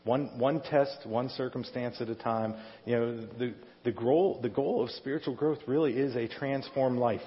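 Here a middle-aged pastor preaches conversationally in a church sanctuary, often asking the congregation questions. His mid-range voice holds a steady tone at a moderate pace with few pauses, and the audio sounds dull in the echoing hall.

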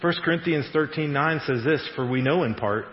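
A man with a fairly high voice preaches in a loose, conversational way, building up and laughing at his own jokes. His voice rings through a big echoing hall with long reverb. The sound is dull and muffled, like an old radio broadcast. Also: brisk. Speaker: pastor. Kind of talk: sermon.

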